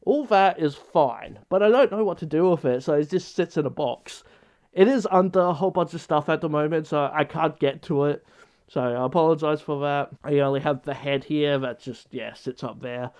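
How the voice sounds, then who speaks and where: A man's voice: on the high side, moderate pace, a little mellow. A man vlogging in an unscripted casual chat, rambling and hesitant with many restarts.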